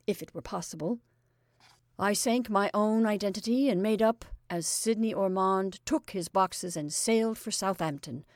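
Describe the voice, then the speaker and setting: A woman's voice: mid-range voice, no room sound, close to an everyday voice. Exuberant chatty actor, middle-aged man, read by a woman; dry close sound. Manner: exuberant, rambling, confiding. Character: jolly middle-aged male stage actor, gleeful and chatty.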